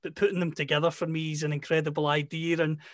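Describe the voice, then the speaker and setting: Flat-voiced male interviewer. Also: fairly high pitch, dry recording, studio quality. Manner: halting, repeats words as he starts. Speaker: interviewer host. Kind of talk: interview questions.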